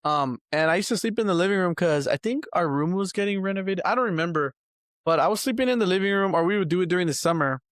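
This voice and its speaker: A young man in casual podcast chat, his voice sitting a little high for a man. He tells stories with easy laughs and casual swearing. The sound is close and dry. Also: expressive, quick pace, fairly bright tone, no room sound. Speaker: podcast co-host.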